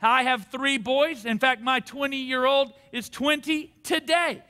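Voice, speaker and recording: A man's voice: extremely high pitch, fairly even intonation, a little slow, pushed and bright, clean tone. A man in his forties preaching a fervent sermon to a church congregation, calling on the audience to repeat after him. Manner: fervent preaching with call-and-response. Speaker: pastor. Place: church service.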